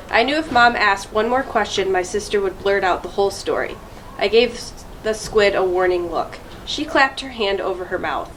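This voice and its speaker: A woman reading a children's chapter book aloud to students, in a clear, steady storytelling voice. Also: medium pitch, slight background noise, poor audio. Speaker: school deputy reading aloud.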